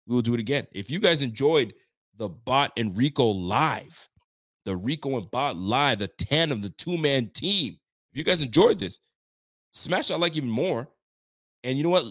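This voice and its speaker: A man hosting a live sports talk show, excitable and loud, often repeating himself as he talks. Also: medium pitch, dry recording, clean studio sound. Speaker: sports podcast host. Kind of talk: casual live show chat.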